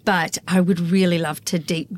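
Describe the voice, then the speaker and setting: A woman's voice: lowish voice, steady tone, normal speed. A woman co-hosting a podcast, chatty and enthusiastic as she asks a guest questions and jokes about herself. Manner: chatty, enthusiastic, self-deprecating. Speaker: podcast co-host. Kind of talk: casual podcast conversation.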